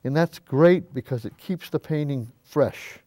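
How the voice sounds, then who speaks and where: An older man with a slightly high voice talks through a painting lesson in a folksy, chatty way and drifts into asides as he works. The studio sound is dry and close, though he fades now and then as he steps back from the canvas. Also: measured pace, warm tone, no room sound. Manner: moves away from the mic to step back and view the canvas. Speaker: painting show host. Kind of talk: casual painting demonstration. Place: high school cable TV studio.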